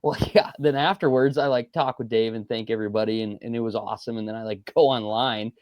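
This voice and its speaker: A man's voice: medium pitch, fairly even intonation, fast talker, darkish tone, dry recording. A man co-hosting a podcast, telling a story with lots of energy, acting out quotes and laughing often. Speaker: podcast co-host. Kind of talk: casual podcast banter.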